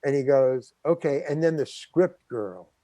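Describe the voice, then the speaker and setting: A man's voice: mid-range voice, lively intonation, measured pace, mellow, no room sound. An older man, a guest actor, telling a story in an interview and acting out the quotes. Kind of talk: anecdotal storytelling.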